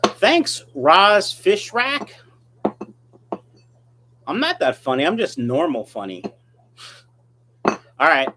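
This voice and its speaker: Guy doing a chill fish-room livestream, reads the chat out loud, jokey and rambly, voice bouncing up and down. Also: on the high side, huge pitch swings, slow pace, long pauses, noisy background. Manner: joking, rambling, self-mocking. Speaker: fish breeder hosting a live stream. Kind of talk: casual live-stream chat reading viewer comments.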